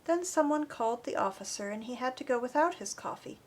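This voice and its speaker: A woman reading an audiobook chapter in an earnest, expressive narration. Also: sits high, fairly quick. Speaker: audiobook reader. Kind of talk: scripted narration.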